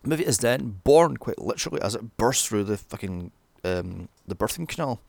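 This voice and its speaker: A man's voice: fairly low pitch, lively intonation, normal speed, gravelly, no room sound. A British man recapping a horror film with sarcastic, profane asides. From Britain. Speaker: film reviewer. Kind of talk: sweary comedic movie recap.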